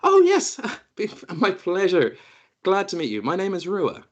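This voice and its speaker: A man's voice: high-pitched, wildly swooping pitch, a little slow, highs cut off, voice pushed up, heavily acted. A man voicing a graceful, absent-minded fae woman who is airy and easily distracted. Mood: breezy.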